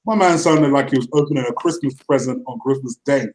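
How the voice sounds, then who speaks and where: A man's voice: medium pitch, fairly quick, a little mellow, poor audio. Laid-back, teasing football co-host man. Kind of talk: casual football chat.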